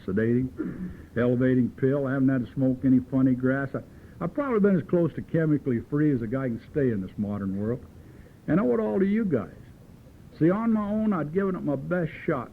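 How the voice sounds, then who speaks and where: A man speaks at a recovery meeting in a folksy, wisecracking storytelling manner. His mid-range voice comes through a narrow, phone-like old tape recording. A faint hiss runs under it. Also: mid-range voice. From Southern California. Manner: folksy, joking, earthy storyteller. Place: meeting room at a podium.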